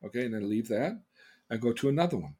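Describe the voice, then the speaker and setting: Husky older man telling personal stories. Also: mid-range voice, expressive, fast. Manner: earnest and emotional, voice swinging between loud and hushed. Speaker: podcast host. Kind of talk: personal storytelling.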